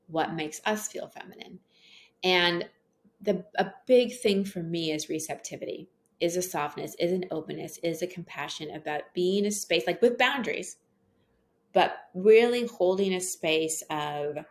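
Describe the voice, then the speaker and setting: Woman guest, low gravelly voice, earnest and animated storyteller. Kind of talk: casual interview conversation.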